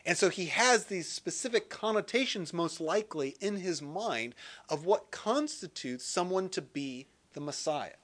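A man teaching through a Gospel passage in a relaxed, conversational sermon style, reading scripture aloud and adding light jokes. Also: high-pitched, unhurried. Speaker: Bible teacher.

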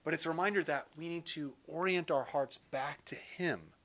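Animated guy teaching bible study, acts stuff out, bright sharp voice. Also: fairly high pitch, normal speed. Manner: animated, acts out quotes, jokey asides. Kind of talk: sermon-style bible teaching.

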